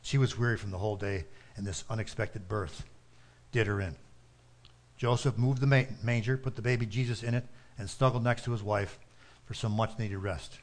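A man narrating a story with a steady, earnest reading manner. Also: on the low side, moderate pace.

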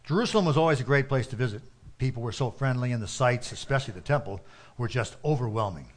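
Earnest male storyteller, middle pitch. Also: fast talker. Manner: steady, earnest reading. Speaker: narrator. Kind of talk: storytelling narration.

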